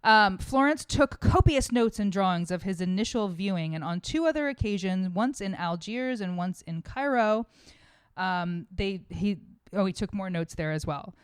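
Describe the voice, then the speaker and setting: A woman's voice: mid-range voice, expressive, moderate pace, clean tone, dry recording. A young woman co-hosting a casual podcast, rambling through her notes with lots of "like" and plenty of swearing. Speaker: podcast co-host. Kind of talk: casual chat, explaining a topic from notes.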